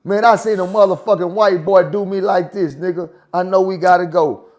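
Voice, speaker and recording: A man telling profane, animated prison stories in casual chat, repeating phrases for effect. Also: high voice, normal speed. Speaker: guest storyteller.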